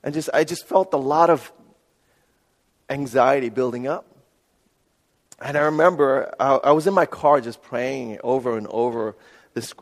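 A man preaching a sermon, telling a personal story in an earnest, animated way and often checking in with "right?". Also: mid-range voice, moderate pace. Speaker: pastor. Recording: reverberant hall.

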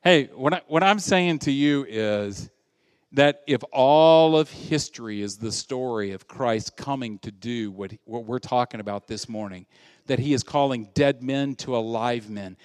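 Man, preaching a sermon, earnest, loud stresses and hushed asides, close dry mic, long hall tail. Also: mid-range voice, unhurried, clear, resonant tone. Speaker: pastor.

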